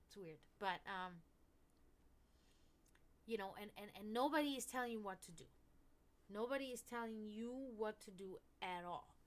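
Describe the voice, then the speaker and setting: A woman hosting a stream and chatting casually and frankly, swearing often and rambling with many restarts, dropping to murmurs and then rising to loud outbursts. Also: mid-range voice, normal speed, long pauses. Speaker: stream host. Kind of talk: casual esoteric chat.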